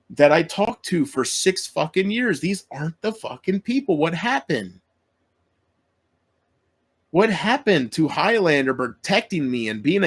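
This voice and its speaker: A man vlogging to his viewers in an upset, pleading rant, swearing and repeating himself, close to tears. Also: on the high side.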